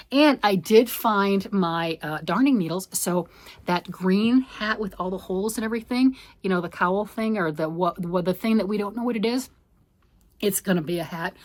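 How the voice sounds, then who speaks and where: A woman hosting a casual craft vlog, chatting as she digs through finished hats and projects. Her voice sits in a middle pitch. She rambles and thinks out loud, sometimes dropping into a near whisper. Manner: chatty, rambling, talks to herself while sorting. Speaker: knitting and crochet vlogger.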